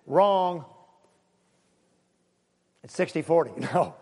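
A man preaching a sermon as pastor, lively and joking, with emphatic repeated points and asides to his congregation. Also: a little high, drawn-out words, creaky. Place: church sanctuary. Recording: long reverb of a church hall.

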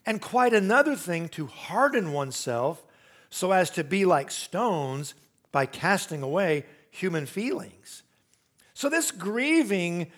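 Man preaching with big swings in volume. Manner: swings from loud, rising emphasis to very soft, low tones; storytelling preacher who acts out quotes. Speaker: pastor. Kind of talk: sermon.

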